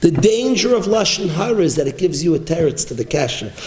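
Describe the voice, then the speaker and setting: A man giving a sermon as a rabbi, preaching emphatically and with animated, rising exclamations. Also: fairly high pitch, brisk. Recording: roomy echo.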